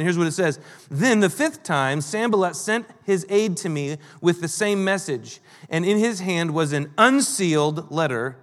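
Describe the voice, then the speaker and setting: A male pastor with a high, light voice delivers an animated sermon. He talks casually and slips into the voices of the people he quotes. His words ring out through a large hall with a long reverb. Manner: animated, acts out quoted lines.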